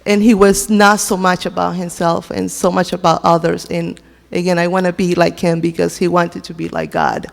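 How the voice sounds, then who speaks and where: A woman's voice: on the low side, level tone, creaky. Woman w sharing a heartfelt church testimony, lots of restarts, big echoey church. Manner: halting, heartfelt, many restarts. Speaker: church member giving a tribute. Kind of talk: personal testimony at a memorial service. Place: church sanctuary.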